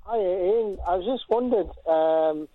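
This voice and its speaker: A man's voice: sits high, measured pace, no room sound. A man calling in to a radio show by phone from his bed, chatty and a bit sheepish. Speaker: caller. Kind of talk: phone-in call. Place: in bed at home. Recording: tinny phone line.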